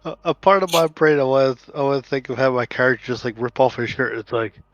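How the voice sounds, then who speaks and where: A man chatting quickly as a player in a tabletop game. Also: mid-range voice, dry recording, highs cut off. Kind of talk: casual chat.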